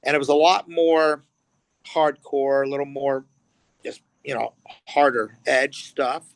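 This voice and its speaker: A creaky, medium-pitched voice belongs to a middle-aged Los Angeles man who is guesting as a musician in an easygoing interview. He speaks unhurriedly but tells his stories with animation, acting out quotes and cursing freely, with no echo.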